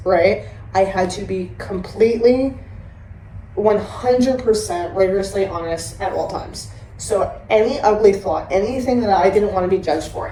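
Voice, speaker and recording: A woman hosts a candid recovery podcast, telling her stories in a blunt, animated way and swearing often. Her voice sits a little low. The room is echoey, with a faint hiss underneath. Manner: blunt, profane and animated storytelling. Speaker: podcast host. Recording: roomy echo with faint hiss.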